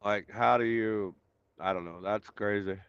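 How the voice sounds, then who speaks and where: A man's voice: lowish voice, fairly even intonation, unhurried, vocal fry, fairly bright tone, clean tone, dry recording, highs cut off. A man hosting a casual live stream, greeting viewers by name and chatting loosely with lots of fillers while he waits to start. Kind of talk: casual chat reading viewer comments.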